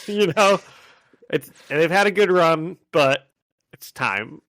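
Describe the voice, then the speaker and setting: A man's voice: a little high, very animated, unhurried, vocal fry, fairly bright tone, no room sound. A man co-hosting a casual podcast, giving his opinions with frequent laughs and lots of "like" and "you know". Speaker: podcast co-host.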